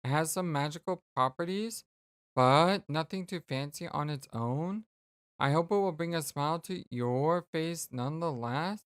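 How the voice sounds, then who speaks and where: A gamer doing a gentle alien girl, slow formal speech, polite, dry close sound. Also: medium pitch, smooth, dry recording, natural voice. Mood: earnest. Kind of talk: reading game dialogue aloud.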